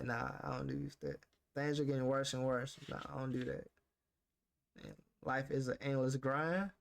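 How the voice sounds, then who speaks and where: Gravelly-voiced man riffing on a book. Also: medium pitch, expressive, normal speed. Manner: slangy, talks back to the text, reads passages aloud then riffs. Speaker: YouTuber reading and reacting to a self-help book. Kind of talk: casual reaction commentary.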